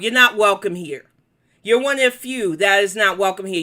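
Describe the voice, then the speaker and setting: A woman's voice: medium pitch, normal speed, pushed and bright. Blunt, profane New York woman host. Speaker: commentary livestream host. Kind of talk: live commentary and chat replies.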